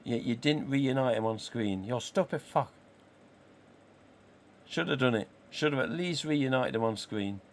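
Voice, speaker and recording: A man's voice: mid-range voice, measured pace, a little hiss or hum. A man in his forties with an English accent, hosting a casual live stream and chatting, swearing freely, and acting out the dialogue he quotes. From England. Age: 40s.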